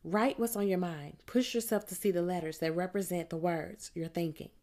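A patient adult-class teacher who talks plainly and firmly, never raising her voice, voiced by a woman. She sits a little lower than most women in pitch and sounds composed, the way an audiobook reader plays a steady grown-up. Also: normal speed, lightly acted. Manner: calm, firm, plainly spoken.

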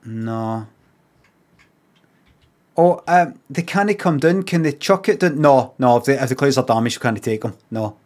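A man's voice: mid-range voice, unhurried, long pauses. Scottish guy rambling on a stream, sweary, middle-aged, jumps into silly voices. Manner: rambling, swears freely, mocks signs in lively put-on voices. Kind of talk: casual livestream chat.

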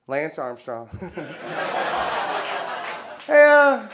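Texan guy doing standup, high voice, keeps laughing at his own jokes, some faint hiss. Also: wildly swooping pitch, drawn-out words. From Texas. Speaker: stand-up comedian. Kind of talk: stand-up set. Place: comedy club stage. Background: audience laughter.

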